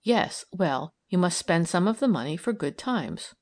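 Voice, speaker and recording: A woman voicing a brisk, kindly woman parole officer who talks firmly and encouragingly. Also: fairly low pitch, lively intonation, a little mellow. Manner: firm, crisp and encouraging.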